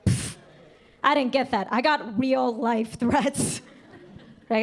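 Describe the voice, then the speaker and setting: A woman's voice: high voice, animated, moderate pace, long pauses, fairly bright tone. A young adult woman doing a brash, punchy stand-up comedy set on a club stage, talking into a handheld mic. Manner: brash, punchy delivery with acted voices. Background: audience laughter.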